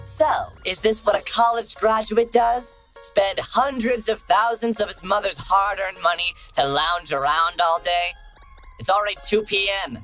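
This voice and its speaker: A woman's voice: mid-range voice, a little slow, a bit bright, soft background music, natural voice. An actress playing a stern, sarcastic woman who scolds a lazy young man in blunt terms. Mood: scolding. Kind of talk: game dialogue.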